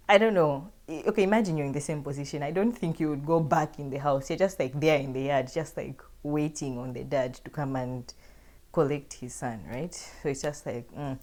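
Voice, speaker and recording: A woman's voice: low voice, a little fast, a little mellow. A young woman casually telling a personal story to her viewers in a chatty, filler-heavy way.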